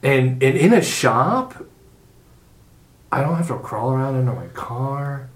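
A man's voice: medium pitch, lively intonation, a little slow. A middle-aged man chatting casually on a podcast, rambling and swearing as he tells stories. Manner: rambling, profane, loose storytelling. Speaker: podcast regular. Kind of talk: casual chat. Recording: echoey room with faint noise.

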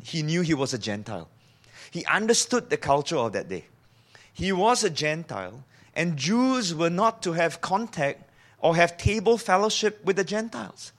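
A man's voice: fairly high pitch, a bit bright. Man preaching. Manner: conversational, asks the listeners questions; acts out quoted speech in shifting voices. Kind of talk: sermon.

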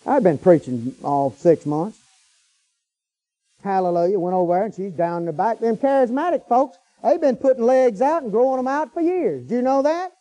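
A man's voice: sits high, expressive, moderate pace, dark tone. A middle-aged man preaching a storytelling sermon in a folksy, colloquial way, breaking into hallelujahs.

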